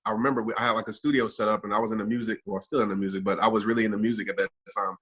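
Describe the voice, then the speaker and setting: A man's voice: on the low side, level tone, very fast, fairly bright tone, husky. A man guesting on a podcast as a motivational speaker, earnest and reflective, speaking from his own experience. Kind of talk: reflective interview talk.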